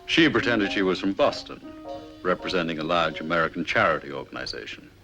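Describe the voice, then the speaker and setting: Suave, ironic deep-voiced man. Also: expressive, a little fast, music in the background, low-quality recording. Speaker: gentleman adventurer. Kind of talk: 1960s TV drama acting.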